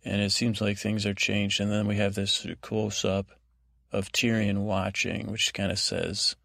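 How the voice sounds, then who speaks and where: A man hosting a sleep podcast, rambling through a TV episode recap in a halting, meandering way full of restarts. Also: fairly low pitch, monotone, gravelly, a bit bright, dry recording, studio quality. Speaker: podcast host.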